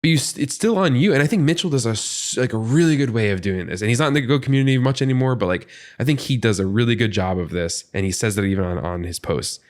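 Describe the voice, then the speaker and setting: A man's voice: mid-range voice, fast talker, hardly any pauses. A man talking in a casual podcast discussion, earnest and frustrated, rambling with lots of "like" as he makes his point. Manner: animated, rambling, heavy use of "like". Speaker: podcast panelist.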